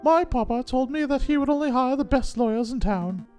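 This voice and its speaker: A man doing a high, cutesy young cat lady. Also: expressive, a little fast, a little mellow, soft background music. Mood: gushing. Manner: high cutesy girlish voice, sing-song. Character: sweet young female cat heiress, childlike. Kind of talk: voicing game characters.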